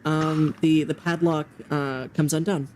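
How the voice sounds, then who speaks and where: A man running a tabletop game as game master, describing scenes in a halting way with many ums and restarts. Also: on the high side, flat delivery, a crowd in the background.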